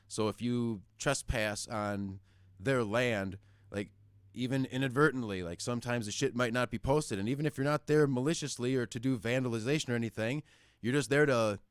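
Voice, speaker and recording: A man's voice: medium pitch, clear, resonant tone, no room sound, studio quality. A man in his thirties hosting a call-in show, ranting casually with constant swearing. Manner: profane, ranting, animated. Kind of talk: casual rant. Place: lives in the Upper Midwest.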